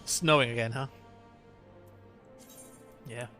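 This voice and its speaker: A man casually chatting as he plays a game on a live stream, relaxed and full of little hedges and fillers. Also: mid-range voice, slow. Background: game music.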